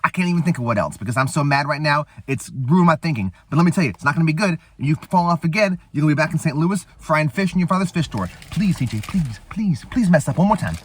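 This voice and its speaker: A man's voice: a little high, animated, fast talker, hardly any pauses, husky. A man doing a comic impression of a cocky, self-centered male action-comedy hero, brash and swaggering. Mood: furious. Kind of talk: comic movie-recap impression.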